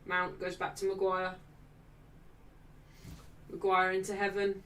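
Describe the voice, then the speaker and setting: Excitable woman hosting a football watchalong. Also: mid-range voice, measured pace, long pauses, recorded from a distance. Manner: excitable, reads out chat messages. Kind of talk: live football watchalong commentary.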